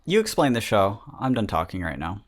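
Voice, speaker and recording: A young man with a low voice that leaps around in pitch, hosting a casual podcast chat. He rambles and mocks himself in a jokey way, talking into a podcast microphone. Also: very animated, brisk. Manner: rambling, self-mocking, jokey. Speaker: podcast host.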